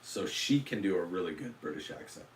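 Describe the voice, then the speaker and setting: Rambling, lowish-voiced man in a roomy echo. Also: animated, fairly quick, far from the mic. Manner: rambling, filler-heavy, self-deprecating. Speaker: livestream host. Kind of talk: casual livestream chat.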